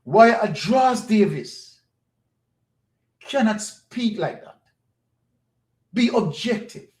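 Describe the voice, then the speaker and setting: Jamaican man, political commentator, high voice, echoey room, emphatic and repetitive. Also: expressive, takes it slowly. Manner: emphatic, rhetorical questions and repetition. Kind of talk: opinionated political monologue.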